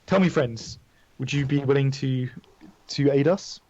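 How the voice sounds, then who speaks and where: A man's voice: mid-range voice, a little slow, a little mellow, highs cut off, close to an everyday voice. A man voicing a stern, suspicious knight who speaks in formal, archaic words. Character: stern suspicious male knight guarding a road.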